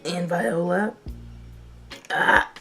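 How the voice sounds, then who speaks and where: A young woman chats through her reaction to a TV episode in a loose, expressive way, her voice sitting a little low for a woman. She laughs and sighs freely between thoughts. Faint music plays softly underneath. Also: drawn-out words, gravelly. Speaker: TV reaction vlogger. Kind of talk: casual reaction commentary.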